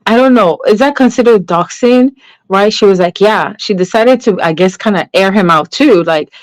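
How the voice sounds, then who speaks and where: A woman's voice: mid-range voice, moderate pace, dry recording. A woman hosting a casual livestream, chatting about online drama, tagging lines with "right?" and greeting viewers. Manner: greets chat viewers mid-story. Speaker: livestream gossip host.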